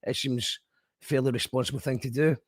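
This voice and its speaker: A man hosting a casual radio show, talking hesitantly with many pauses and restarts as he reads out listener messages and chats. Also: medium pitch, steady tone, no room sound, studio quality.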